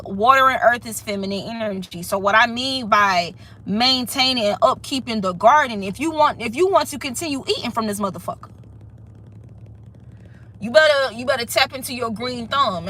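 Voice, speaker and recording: A woman's voice: on the high side, pushed and bright, rough recording. A woman giving a casual spiritual reading in a blunt, profane, emphatic way, often checking in with "okay?". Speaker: tarot reader.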